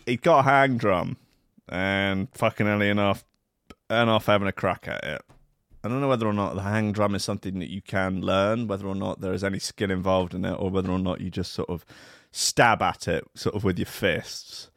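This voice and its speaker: A man hosting a radio show alone, rambling in a sardonic, sweary way, swinging from loud asides to mutters. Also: low-pitched, normal speed, creaky, no echo, studio quality. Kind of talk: rambling solo radio banter.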